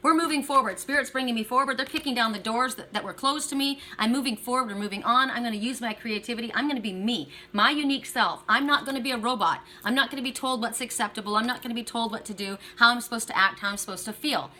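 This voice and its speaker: A woman's voice: a little high, fast, few pauses, pushed and bright. A middle-aged woman reading oracle cards for viewers in a chatty, encouraging way. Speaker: tarot and oracle card reader.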